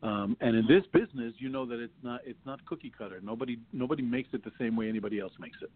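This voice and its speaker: A New York actor appears as a guest in a casual interview, his medium-pitched voice fast with a breathy edge. He tells rambling anecdotes full of restarts and laughter, and the line sounds tinny, like a phone.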